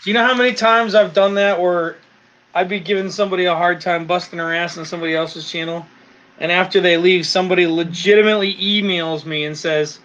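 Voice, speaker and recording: Alabama-born guy w/ northeast accent, ribbing his buddies in chat, kinda high voice, dull lo-fi sound. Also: fairly even intonation, fairly quick, fairly bright tone. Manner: teasing, joking banter. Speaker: channel host. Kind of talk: casual chat. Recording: muffled lo-fi sound.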